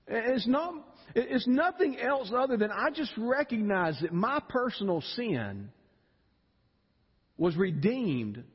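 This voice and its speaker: A husky-voiced man preaches with wide swings of pitch, now rising high with feeling, now dropping low and quiet. His voice rings out through a large church with a long reverb, and the sound is dull and muffled. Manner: animated, emotional, repeats words when stirred. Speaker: pastor. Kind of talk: sermon. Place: church sanctuary.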